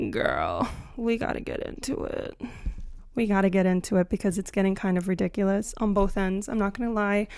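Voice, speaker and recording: A young woman ranting to camera about dating, blunt and sarcastic, swinging between loud outbursts and muttered asides. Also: medium pitch, no room sound, studio quality. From Latina. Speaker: comedic commentary host. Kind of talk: scripted comedic rant to camera.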